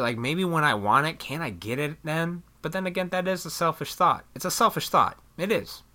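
A man rambling in a casual venting monologue to his viewers, swearing freely and animated. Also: medium pitch. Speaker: vlogger.

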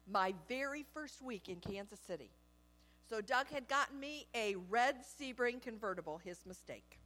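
A middle-aged woman preacher telling a humorous story in a sermon, lively and laughing as she goes. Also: fairly high pitch, moderate pace.

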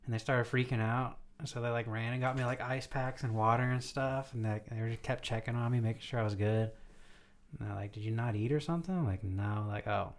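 A man's voice: medium pitch, level tone, a little fast. Man, podcast co-host, easygoing, plain-spoken, casual chat.

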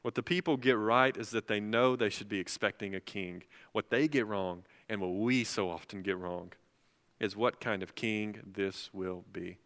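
Male pastor, sermon delivery, bright and resonant tone, passionate rising emphasis, hall reverb. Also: lowish voice, fairly even intonation, moderate pace. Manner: preaching with swells of emphasis, building to loud passionate peaks.

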